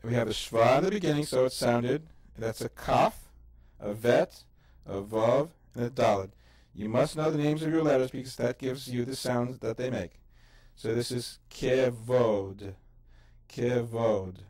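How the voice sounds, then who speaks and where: A man's voice: mid-range voice, normal speed, darkish tone. A man teaching the Hebrew alphabet as host, patiently sounding out syllables and explaining letters in an easy, casual way with fillers. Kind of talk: educational lesson.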